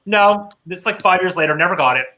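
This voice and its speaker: A man's voice: high-pitched, expressive, a little fast, pushed and bright, slight background noise, low-quality recording. A man co-hosting a podcast, telling a story in chatty casual talk full of fillers and swearing. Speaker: podcast co-host.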